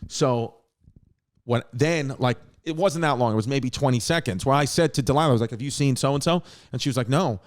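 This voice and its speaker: A man in his thirties hosting a podcast, telling a story in a rambling, animated way with frequent restarts and swearing. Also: medium pitch, brisk. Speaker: podcast host. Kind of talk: casual storytelling.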